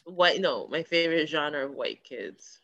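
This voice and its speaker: A woman's voice: deep voice, animated, measured pace, fairly bright tone, dull audio. A woman chatting casually as a podcast guest, teasing and laughing often. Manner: giggly, teasing. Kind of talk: casual chat.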